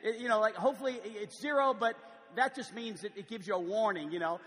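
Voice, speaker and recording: A man's voice: sits high, fast talker, fairly bright tone, big-room sound. A man preaching a sermon in a large church, conversational, with frequent stammered restarts. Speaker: pastor.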